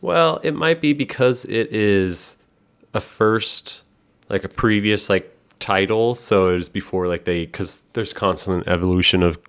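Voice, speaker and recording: A man's voice: fairly low pitch, measured pace, clean tone. A man hosting a podcast, chatting casually and rambling with lots of fillers and swearing. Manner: rambling, profane, full of fillers. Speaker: podcast host. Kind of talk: casual chat.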